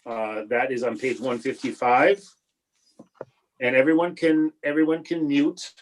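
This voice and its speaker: A man leads an online Hebrew prayer class as its rabbi, heard through a video call. His voice sits at an ordinary middle pitch. He talks in a halting, patient way, stopping and restarting often as he encourages his students. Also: low-quality recording. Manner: halting, with many restarts and fillers. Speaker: rabbi teaching a bar and bat mitzvah class.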